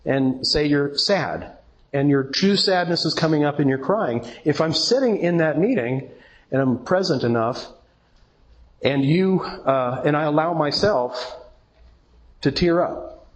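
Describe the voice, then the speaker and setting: A man's voice: a little high, expressive, measured pace, poor audio. A middle-aged man giving an earnest recovery talk to a meeting audience and asking them questions. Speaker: twelve-step speaker.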